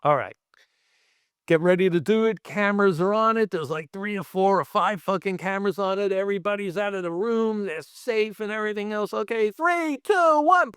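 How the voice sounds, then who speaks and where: Profane animated man, story-telling guest. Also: high voice, a little fast, clear, resonant tone, no room sound, clean studio sound. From Brooklyn, US. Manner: profane, animated, acts out other people. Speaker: special effects artist guest. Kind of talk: casual storytelling.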